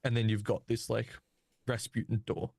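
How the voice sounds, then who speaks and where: A man's voice: fairly low pitch, little pitch movement, moderate pace, gravelly, a little mellow, breathy edge, no echo, studio quality. A man narrating as game master of a tabletop game over a voice call, loose and hesitant with many fillers.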